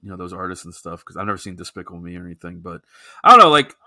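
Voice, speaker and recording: A man's voice: low-pitched, lively intonation, racing, bright, forceful tone. A man co-hosting a comedy podcast, talking loosely and casually with plenty of swearing. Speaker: podcast co-host. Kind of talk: casual chat.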